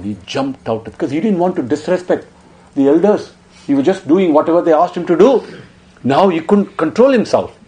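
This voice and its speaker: A man telling a sacred story in a devotional discourse, emotive, dropping hushed then rising. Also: mid-range voice. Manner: emotive, swinging between hushed and raised. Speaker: spiritual discourse speaker.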